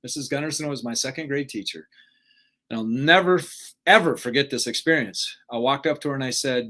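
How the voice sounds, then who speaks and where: A man's voice: mid-range voice, brisk, sharp tone. A man hosting a live motivational talk. He speaks earnestly, keeps checking in with "right?", and acts out dialogue when he tells a story. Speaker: live show host, speaking coach.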